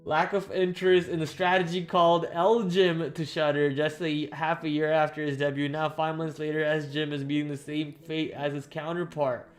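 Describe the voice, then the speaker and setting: A man's voice: a little high, little pitch movement, moderate pace, few pauses, soft background music. A man hosting a live stock trading stream with a slight lisp, talking casually and thinking aloud as he goes through levels, often correcting himself. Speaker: stock trading livestream host. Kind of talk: casual live market recap.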